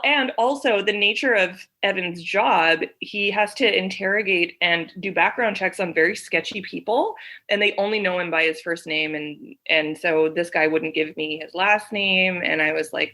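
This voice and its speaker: A woman, co-hosting a podcast in casual chat. She has a bright, forceful tone. She tells stories with animation and plays out both sides of a conversation. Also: mid-range voice, normal speed. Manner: animated storyteller, acts out both sides of a phone call. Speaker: podcast co-host. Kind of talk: casual chat, retelling a story.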